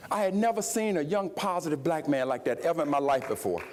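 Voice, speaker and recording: A middle-aged man delivers a keynote in the manner of a preacher. His voice sits fairly high for a man, and he swings between ringing shouts and low, confiding asides. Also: expressive, quick pace, slight background noise. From Jackson, Mississippi, US. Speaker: keynote speaker. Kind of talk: impassioned keynote speech.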